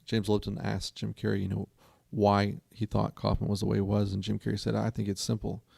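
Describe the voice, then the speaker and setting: Low gravelly guy rambling thru a story, dark tone, dry sound. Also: monotone, a little fast, no room sound. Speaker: co-host. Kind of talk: casual chat.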